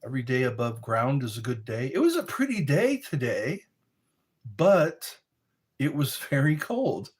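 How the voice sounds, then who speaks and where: Husky and very animated yet measured in pace, this middle-aged livestream host rambles casually through his stream. He reads out chat messages and bursts into high howls and quoted lines.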